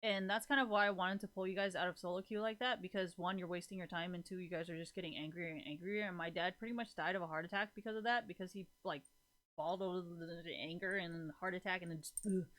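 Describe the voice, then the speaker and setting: A woman's voice: lowish voice, fairly even intonation, fast, a bit bright. A young woman streamer chatting casually to her viewers, rambling and swearing a lot, breaking into laughs often.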